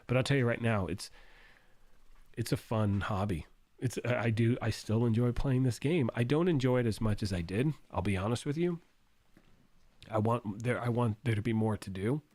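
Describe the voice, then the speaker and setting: A man hosting a gaming livestream, hoarse and losing his voice, rambling and thinking out loud while reading chat. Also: medium pitch, normal speed, no room sound.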